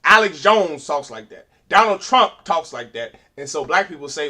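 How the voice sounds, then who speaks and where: Bright, forceful man preaching a class. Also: a little high, lively intonation, moderate pace, hardly any pauses. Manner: emphatic, builds to loud forceful preaching; uses rhetorical questions and quoted voices. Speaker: class teacher.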